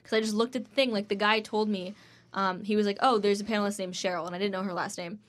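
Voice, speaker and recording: A twenty-something woman co-hosting a podcast speaks fast at medium pitch with a steady tone. Chatting casually, she tells rambling stories full of "like," acting out each person she mentions.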